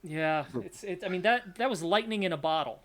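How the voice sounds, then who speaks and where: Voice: medium pitch, brisk, fairly bright tone. A podcast co-host chatting casually, rambling and searching for words. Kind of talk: casual chat.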